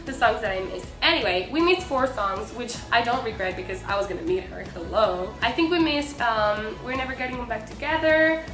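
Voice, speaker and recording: Young female vlogger, gushing storyteller, higher bright tone in a roomy space. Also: lively intonation, a little fast, few pauses. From Mexico. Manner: bubbly, breathless, lots of "like". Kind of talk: excited storytelling to camera. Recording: echoey room with faint music.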